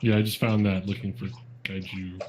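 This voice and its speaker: A man's voice: low-pitched, little pitch movement, moderate pace, background noise. A man playing a tabletop game in casual chat, rambling with many fillers and restarts. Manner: rambling, full of likes and restarts.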